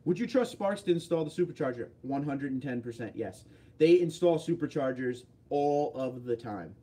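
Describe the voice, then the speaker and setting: A man's voice: mid-range voice, animated, normal speed, mellow, breathy edge. A man hosting a casual livestream, reading viewer comments aloud and answering them offhandedly. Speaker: livestream host.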